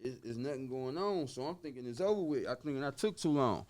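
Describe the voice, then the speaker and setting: A man telling a story on a podcast in casual street slang, dropping in sound effects like woo and boom. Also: animated, brisk, darkish tone. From Chicago. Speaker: podcast guest.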